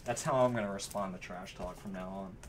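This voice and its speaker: Opening card packs, a man runs a card break, telling stories and calling out cards in a relaxed, chatty way. He speaks fairly quickly in a low voice with fairly even intonation, and background noise is audible.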